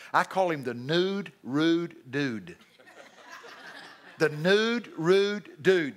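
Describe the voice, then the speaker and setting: A man preaching a lively sermon at a church service. His voice sits a little high and rings bright and forceful. He jokes with the congregation and bursts into shouted acted-out lines. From Texas.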